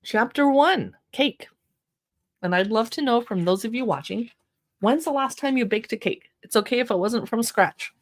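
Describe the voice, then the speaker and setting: A woman's voice: fairly high pitch, expressive, moderate pace. A chatty woman hosting a casual livestream, leafing through a cookbook and exclaiming over the pictures with self-deprecating asides. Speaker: livestream shopping host.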